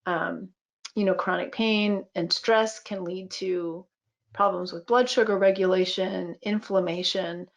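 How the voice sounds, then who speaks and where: A woman's voice: on the low side, fairly even intonation, measured pace. A woman in her fifties, a physician and midwife, speaking on a webinar video call in a reflective, storytelling way with frequent fillers. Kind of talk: webinar conversation.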